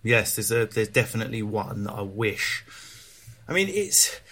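A man's voice: on the low side, big pitch swings, moderate pace, a bit bright. A stand-up comedian with a Cockney accent, talking frankly and animatedly in an interview, swearing freely and restarting his sentences. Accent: London Cockney. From England. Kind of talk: candid interview chat.

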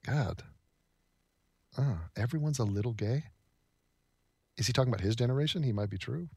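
A man's voice: medium pitch, normal speed, gravelly, a little mellow, slightly rough, no room sound. A man reacting to videos with sarcastic, incredulous quips in casual commentary.

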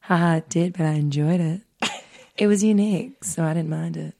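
A woman's voice: on the low side, dark tone. Woman putting on a smarmy, crooning man. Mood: smarmy, flirty. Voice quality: smooth, crooning. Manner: suggestive, slow, overly smooth. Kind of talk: reading text messages aloud in a put-on voice.

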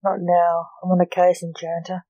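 A woman's voice: lowish voice, monotone, moderate pace, dark tone, no room sound, lo-fi sound, close to an everyday voice. A woman reading the lines of a grumbling, snappish middle-aged male superhero who is a father, in an author's audiobook reading.

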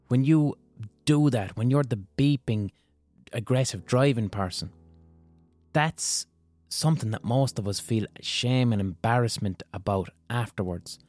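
A young man talks through his podcast in a blunt, loose, conversational way, with plenty of swearing. His pitch sits right in the middle for a man. Soft music plays faintly behind him. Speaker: podcast host. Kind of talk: casual solo podcast monologue.

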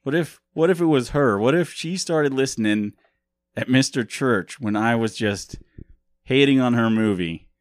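A man's voice: mid-range voice, moderate pace, no room sound, studio quality. A young man co-hosting a podcast in casual chat, rambling and laughing often. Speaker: podcast co-host.

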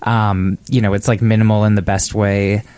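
A man's voice: lowish voice, flat delivery, normal speed, a little mellow, smooth, no echo. A man hosting a music podcast, talking casually and animatedly about songs. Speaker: podcast host. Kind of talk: casual chat.

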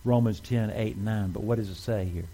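A man's voice: fairly low pitch, fairly quick, dark tone, rough recording. A man preaching a sermon in a church, talking conversationally and asking the congregation questions. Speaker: pastor.

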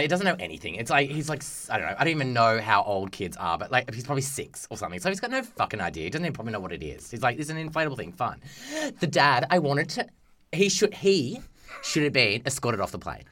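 A young podcast co-host tells a travel story as a casual, exasperated rant full of profanity, acting out the people involved and quoting them. His mid-range voice sounds pushed and bright.

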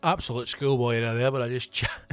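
A Scottish man hosting a comedy podcast, ranting in an animated, sweary monologue. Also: medium pitch, fairly quick, clear, resonant tone, no echo, faint music behind. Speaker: comedian host.

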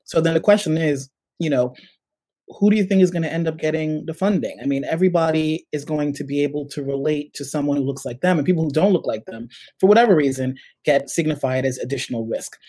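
Middle-aged New York man, quick and high-ish, lively raconteur, dry close mic. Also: no room sound, rough recording. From United States. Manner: animated storyteller, acts out quoted voices. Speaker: startup CEO, guest. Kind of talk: casual interview conversation.

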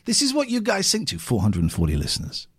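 A man hosting a late phone-in show, his pitch swooping widely as he rambles between calls. He talks casually and swears freely, from rants to musing asides. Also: wildly swooping pitch, fast talker, fairly bright tone, breathy edge. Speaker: radio phone-in host. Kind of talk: casual live radio talk.

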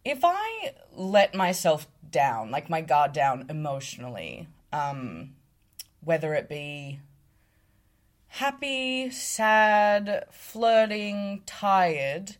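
A woman's voice: lowish voice, sing-song, extremely slow. A woman co-hosting a podcast in casual chat, playful and giggly, now and then slipping into a mock British accent. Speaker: podcast co-host.

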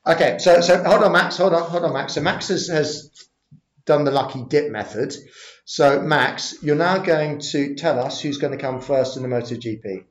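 A man's voice: fairly high pitch, normal speed. A middle-aged man hosting a casual sports chat, steering the talk and jumping from topic to topic. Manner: chatty, runs the show, jumps between topics. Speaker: podcast host. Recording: roomy, dull lo-fi recording.

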